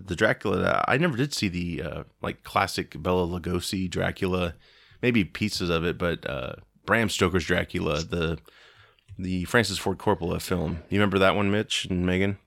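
A man's voice: low-pitched, normal speed, creaky, fairly bright tone, no room sound, studio quality. A man in his forties hosting a podcast, chatting in a rambling way and laughing easily. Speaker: podcast host. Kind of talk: casual chat.

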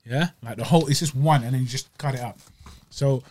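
A man's voice: mid-range voice, a little fast, a little mellow, dry recording. A man, co-hosting a podcast and joking through a casual dessert review with slang and banter. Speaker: podcast co-host. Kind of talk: casual food review chat.

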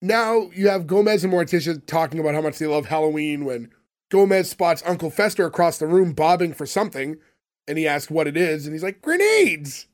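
A man's voice: fairly high pitch, fairly quick, a little mellow. A man co-hosting a casual podcast chat, making dry, teasing jokes. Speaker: podcast co-host.

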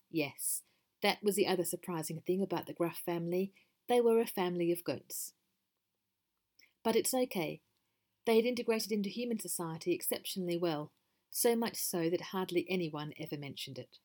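A woman's voice: mid-range voice, a little mellow. Wry woman reading her own story. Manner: wry, conversational. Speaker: podcast host and storyteller. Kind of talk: storybook narration.

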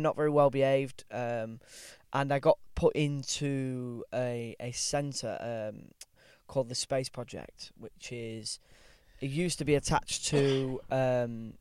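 A man's voice: mid-range voice, measured pace, few pauses, a little mellow, smooth, no room sound, clean studio sound. A young man chatting casually as a podcast guest, rambling with lots of ums, restarts and easy laughs, swearing now and then. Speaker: guest actor. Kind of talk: casual chat.

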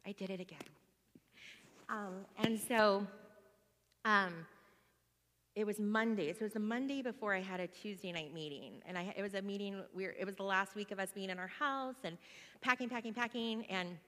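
A woman in her thirties talks through a personal story in a loose, meandering way, often restarting her sentences and filling pauses. Her voice sits at a middle pitch and carries a long reverb tail, as if she is in a large space. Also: fairly bright tone. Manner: rambling, with many fillers and restarts. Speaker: single mom sharing a testimony.

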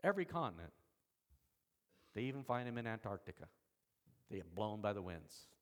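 A man preaching an expository sermon, shifting from soft, slow lines to loud emphatic ones, with folksy, self-deprecating asides. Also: fairly low pitch, very animated. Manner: dramatic swings between soft and emphatic, slows on key words. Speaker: pastor.

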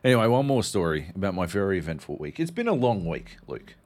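A man co-hosting a podcast, telling stories in animated casual chat and swearing often. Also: sits low, fast talker. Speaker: podcast co-host.

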